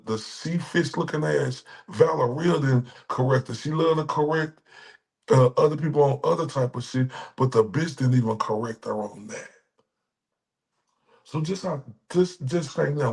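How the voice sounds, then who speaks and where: A man from Dallas streaming a reaction, ranting and mocking with heavy insults and repetition. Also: medium pitch. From Dallas, Texas. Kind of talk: profane reaction rant.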